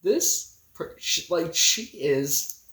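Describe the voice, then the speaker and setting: Halting, emotional woman in an echoey room. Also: low voice, expressive, fairly bright tone. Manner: emotional, halting, with many pauses and restarts. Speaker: livestreamer. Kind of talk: casual livestream chat. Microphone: phone.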